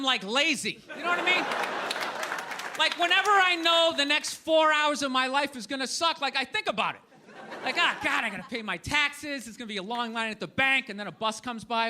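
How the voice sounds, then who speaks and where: A man's voice: very high-pitched, background noise. A man doing a stand-up comedy set, ranting in an incredulous way and acting out the people he quotes.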